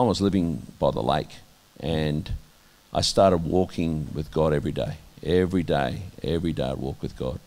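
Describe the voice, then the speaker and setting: An Australian man sharing candid testimony in an interview, earnest and halting, with many restarts and a voice that drops soft at times. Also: very deep voice. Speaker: interviewee, minister.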